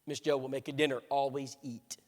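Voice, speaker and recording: A man voicing a gentle, soft-spoken older church elder who talks low and tenderly. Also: flat delivery, fairly quick, big-room sound, natural voice.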